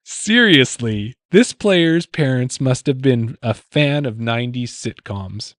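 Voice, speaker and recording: A man hosts a podcast quiz, reading pun clues with a lively, bouncing pitch. He teases his co-host and chuckles at his own wordplay. The sound is dry and close to the mic. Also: slow pace, dry recording. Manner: teasing, repeats clues, laughs at his own puns. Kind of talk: playful podcast quiz banter.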